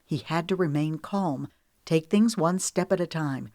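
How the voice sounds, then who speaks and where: Female audiobook narrator for a romance novel, slightly low voice, dry and close, steady delivery. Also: unhurried, no echo.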